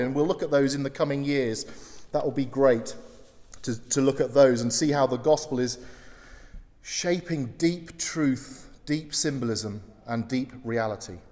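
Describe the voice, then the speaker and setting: A man with a British accent preaching a sermon as pastor, telling stories and breaking into sudden loud exclamations. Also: fairly high pitch, big-room sound.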